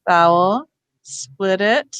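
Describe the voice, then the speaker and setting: A woman's voice: mid-range voice, lively intonation, very slow, a bit bright, smooth, no room sound. A woman leads teachers through a reading workshop over a video call, explaining patiently step by step.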